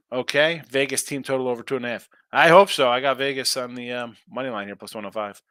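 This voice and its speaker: Reading chat on a sports betting stream, a male host talks fast, brashly and sarcastically. His mid-range voice is a bit bright and clean, captured with clean studio sound and no room sound.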